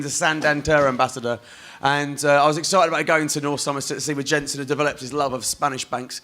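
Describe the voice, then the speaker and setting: On a festival stage, an Essex man performs poetry with a chanting rhythm and fills the gaps with wry, meandering asides. He has a slightly high, fairly bright voice.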